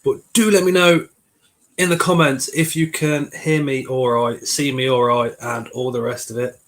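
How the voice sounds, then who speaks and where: In his home kitchen, a Coventry man in his 40s hosts a casual live stream, greeting viewers by name as he gets over a cold. His medium-pitched voice is flat and moves at a normal speed.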